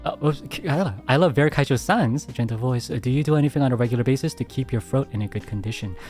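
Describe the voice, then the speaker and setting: A man streamer answering viewer questions in a soft, hesitant casual chat, speaking very close to his mic at home. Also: medium pitch, quick pace, soft background music. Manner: soft-spoken, hesitant, many restarts.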